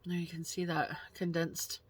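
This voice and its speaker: A woman in a relaxed snack taste-test vlog, chatting unhurriedly and murmuring between bites. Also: on the low side, moderate pace, slightly rough. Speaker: snack review vlogger.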